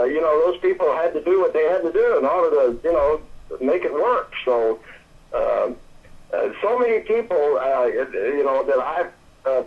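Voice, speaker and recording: An older man from Atlanta, Georgia, calling in as a guest and telling stories in a halting, rambling way with many restarts. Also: mid-range voice. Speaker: phone-in guest. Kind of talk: casual storytelling chat. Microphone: telephone. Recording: tinny phone line.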